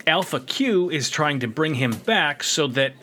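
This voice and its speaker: Bright-voiced man, jokey podcast recap. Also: on the high side, lively intonation, measured pace, a little hiss or hum. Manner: jokey, laughs often, acts out quotes. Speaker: podcast co-host. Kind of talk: casual chat recapping a cartoon episode.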